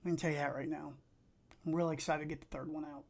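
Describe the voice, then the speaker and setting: A middle-aged man with an Appalachian accent, chatting casually and excitably while streaming video games and telling rambling stories. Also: on the high side, fast, gravelly. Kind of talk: casual live-stream chat while gaming.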